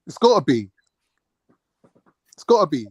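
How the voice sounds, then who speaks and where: A man's voice: on the high side, sing-song, measured pace, slightly rough, dry recording. A man on a panel, giving blunt, sarcastic opinions in casual chat.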